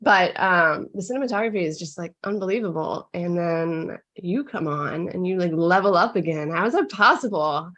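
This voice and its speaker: A woman's voice: on the low side, animated, normal speed, few pauses, fairly bright tone, lo-fi sound. A woman hosting a podcast interview, chatting casually and gushing enthusiastically with lots of "like". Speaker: podcast host.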